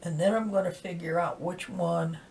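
A woman's voice: fairly low pitch, steady tone, normal speed, creaky. A woman, chatting casually through a makeup tutorial and often dropping into half-whispers as she works. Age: 60s. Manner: soft-spoken, drifting into half-whispers while working. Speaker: makeup vlogger. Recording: distant mic with faint background hiss.

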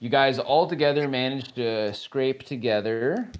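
A man's voice: mid-range voice, unhurried, lo-fi sound. A man running a tabletop game as dungeon master, narrating and often breaking into laughter.

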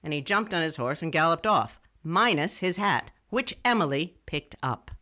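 A wry young radio writer. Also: female voice, low voice, expressive, moderate pace, sharp tone. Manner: wry, digressive storytelling. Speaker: first-person narrator. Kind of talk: scripted first-person narration.

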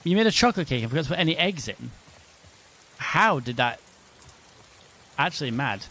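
A man's voice: a little high, big pitch swings, moderate pace, fairly bright tone. A man streaming a game, chatting casually and joking with his viewers. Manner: joking banter with chat. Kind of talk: casual live-stream chat.

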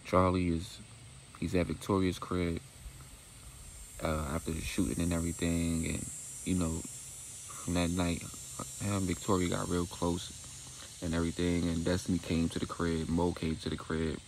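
A man's voice: sits low, flat delivery, moderate pace, long pauses, slight background noise, low-quality recording. A man casually retelling a story, loose and profane, with a lot of "like". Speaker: storyteller recapping a series.

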